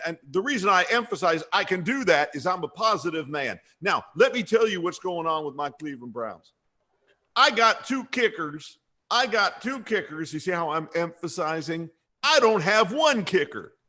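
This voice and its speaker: A man's voice: high-pitched, sharp tone, pitched above the performer's own voice, exaggerated voice. A man doing an impression of a folksy football coach who rambles and repeats himself for emphasis at a press conference.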